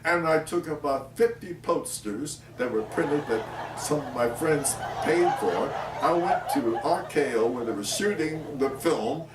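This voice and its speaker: An older man, an actor, telling animated anecdotes in an interview. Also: on the high side, measured pace, hardly any pauses, heavy background noise. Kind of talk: storytelling in an interview. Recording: echoey room, mic at a distance, faint ambience.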